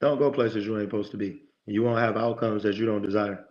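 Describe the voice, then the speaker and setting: Homme au ton emphatique de prédicateur, son un peu étouffé. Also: male voice, lowish voice, fairly even intonation, fast, dull audio. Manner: emphatic, preachy, lots of quoted self-talk. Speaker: podcast guest, motivational speaker. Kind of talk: conversational interview talk.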